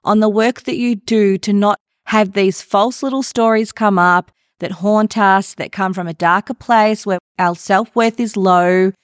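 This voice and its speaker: Woman, podcast host, casual chat, frank, playful, medium pitch, dry sound. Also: steady tone, measured pace, few pauses, no echo.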